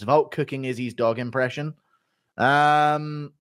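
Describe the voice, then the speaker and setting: A man chatting casually on a live stream, reading donations and reacting with laughter. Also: mid-range voice. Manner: laughing, quick reactions to chat.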